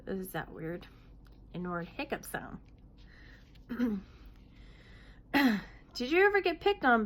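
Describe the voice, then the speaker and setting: Answering viewer questions in a casual Q&A vlog, a late-thirties woman speaks in a voice on the high side. Her talk is punctuated by abrupt hoots, outbursts and throat clearing.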